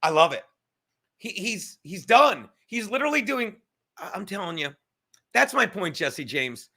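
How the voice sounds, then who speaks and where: A man's voice: sits high, very animated, measured pace, pushed and bright, breathy edge. A young man, a comedian and show host, ranting casually and profanely from his apartment, rambling and mocking himself. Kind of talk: casual livestream rant.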